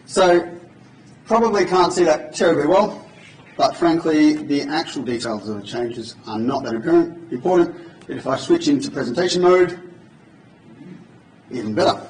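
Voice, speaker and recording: A man with a voice on the high side presents a lighthearted, informal live coding demo to a conference audience in a large hall. The sound is distant and echoey, with some hiss or hum.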